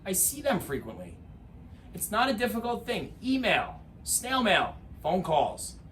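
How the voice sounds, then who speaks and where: A man's voice: sits high, very animated, measured pace, a bit bright, a little hiss or hum. A man giving an impassioned political address, rousing and emphatic, with rhetorical lists and repeated calls to action. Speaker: political commentator.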